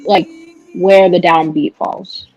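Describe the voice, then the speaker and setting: A woman's voice: lowish voice, steady tone, slow pace, lo-fi sound, soft background music. A woman co-hosting a casual video call chat, eagerly repeating new words back as she learns them. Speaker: co-host learning Tagalog words. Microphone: video call with a lagging connection.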